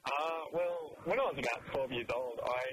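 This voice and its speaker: A man's voice: medium pitch, expressive, a little fast, a crowd in the background. A male caller to a radio show, telling an embarrassing story sheepishly. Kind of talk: phone-in story.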